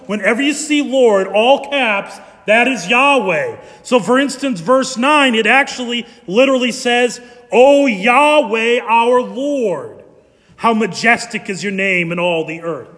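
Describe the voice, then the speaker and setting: Male pastor, very high voice, slow deliberate sermon, long hall reverb. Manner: animated preaching, slow and emphatic.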